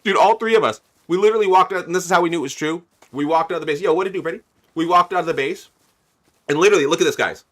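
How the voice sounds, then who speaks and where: A man's voice: on the high side, rapid-fire, fairly bright tone. A man streaming a video game, chatting casually with viewers and thanking them as he plays. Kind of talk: casual livestream chat.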